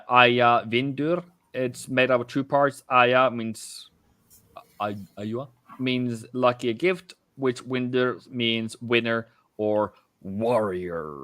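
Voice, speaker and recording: A man's voice: mid-range voice, fairly bright tone, no room sound, studio quality. A man with a Norwegian accent hosting a live trading stream, chatting loosely with viewers and rambling as he reads the chat. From Norway.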